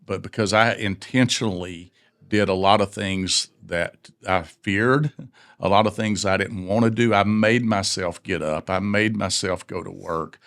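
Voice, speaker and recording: Brief: male talk host, very low voice, supportive back-channel nods. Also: steady tone, measured pace, creaky, fairly bright tone. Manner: encouraging, frequent short agreements. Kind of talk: casual talk-show conversation.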